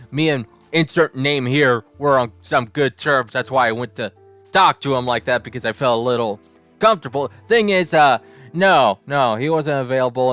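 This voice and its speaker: A man's voice: mid-range voice, fairly bright tone. A young man telling a rambling personal story over gameplay, often stopping to correct himself mid-sentence. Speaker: gaming channel host.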